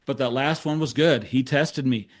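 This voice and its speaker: A man's voice: mid-range voice, moderate pace. A middle-aged man, a therapist, telling a case story in a talk, acting out the dialogue with self-deprecating humor. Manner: animated storyteller who acts out quoted dialogue. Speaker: therapist presenting case studies.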